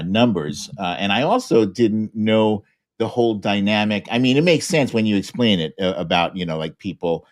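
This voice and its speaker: A man talking as a guest on a political chat show, animated and often restarting his sentences. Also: fairly low pitch. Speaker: guest commentator.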